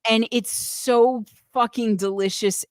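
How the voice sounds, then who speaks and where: A woman's voice: a little high, steady tone, takes it slowly, no room sound, clean studio sound. Gushing, foul-mouthed woman host. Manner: enthusiastic, swears freely, reads chat comments. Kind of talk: casual live show chat.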